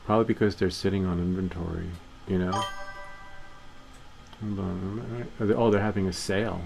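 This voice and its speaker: A man with a fairly low voice talks viewers through a tech fix in a loose, chatty way, wandering off on asides as he clicks around. A steady air-conditioning hum and room noise sit under his voice. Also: a little fast, vocal fry. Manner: rambling, chatty, laughs at his own stories. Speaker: tech video host. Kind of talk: casual screen-share walkthrough.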